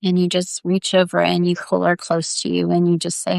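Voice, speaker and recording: A woman's voice: fairly low pitch, completely flat delivery, creaky, a little mellow, no echo. A woman leading a guided healing visualization on a live video, talking in a soothing way and often calling the listener honey. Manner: slow, soothing, repeatedly says "honey".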